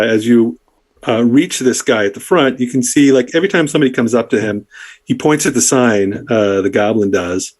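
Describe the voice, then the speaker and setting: Rambling male dungeon master. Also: lowish voice. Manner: loose, rambling with many fillers. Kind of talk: narrating a tabletop game.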